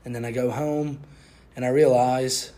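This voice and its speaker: A young man doing a playful, put-on British accent as a mock British gentleman, recapping his week like a sportscaster. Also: mid-range voice, steady tone, measured pace, natural voice.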